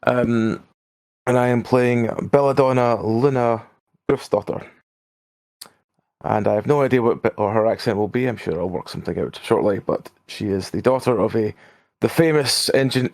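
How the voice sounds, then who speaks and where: A man's voice: fairly low pitch, gravelly, a little mellow, no echo. A man playing a tabletop game, introducing his character in a dry, matter-of-fact way. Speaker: player. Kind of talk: casual game chat.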